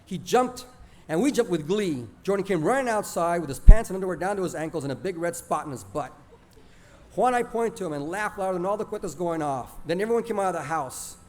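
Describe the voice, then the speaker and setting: A man reading his own stories aloud to a live audience in a lively, expressive storytelling manner. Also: high-pitched, quick pace.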